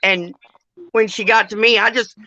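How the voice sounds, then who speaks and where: Bright-voiced woman host in her fifties. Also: medium pitch, fairly even intonation, moderate pace. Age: 50s. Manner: rambling, blunt, swears casually. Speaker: livestream host. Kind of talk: casual chat. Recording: dull lo-fi stream audio.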